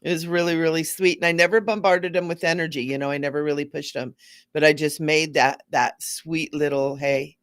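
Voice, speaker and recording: A woman giving a casual, rambling spiritual talk to viewers, gently repeating words for emphasis. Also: low-pitched, fairly even intonation, fairly quick, no room sound, clean studio sound. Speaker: spiritual teacher hosting a live stream.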